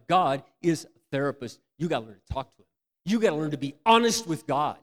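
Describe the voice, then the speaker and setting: A man preaching a candid, self-mocking storytelling sermon, swinging from loud outbursts to near-whispers. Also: a little high, lively intonation, brisk. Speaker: pastor.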